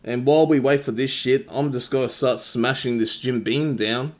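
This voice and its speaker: A man's voice: mid-range voice, fairly even intonation, normal speed, a little hiss or hum. A young Australian man hosting a game tournament live-stream, chatting casually with his viewers and swearing freely.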